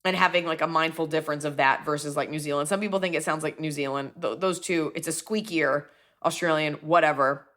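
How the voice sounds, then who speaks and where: A comedian in her forties hosting a casual chat, answering fan questions and jumping into quick accent bits. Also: low-pitched. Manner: animated, jumps into quick bits of accents and impressions.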